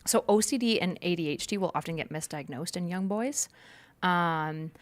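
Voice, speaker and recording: A woman's voice: on the low side, moderate pace. A young woman co-hosting a casual livestream chat, explaining clinical terms in a chatty way with plenty of fillers. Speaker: co-host.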